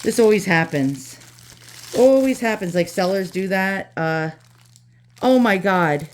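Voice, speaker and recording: A woman's voice: mid-range voice, lively intonation, takes it slowly, slight background noise. A woman with a New York accent talks casually while she unboxes antiques at home. She rants and curses, then turns cheerful and chatty in seconds. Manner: ranting, swings from angry cursing to cheerful. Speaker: antique channel host. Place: home with dogs.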